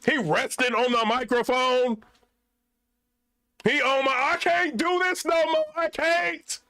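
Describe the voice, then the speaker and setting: A man's voice: very high-pitched, fairly even intonation, slow pace, pushed and bright, no echo. A young man vlogging in a casual, rambling rant full of slang.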